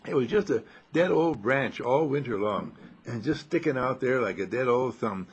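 An older man giving a gentle, rambling, folksy talk, chuckling as he reflects. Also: mid-range voice, expressive, normal speed, husky, lo-fi sound. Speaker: inspirational speaker.

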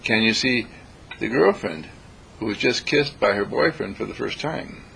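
A man giving a spiritual lecture in an animated way, acting out everyday examples and chanting sounds. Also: mid-range voice, moderate pace, creaky, a little hiss or hum.

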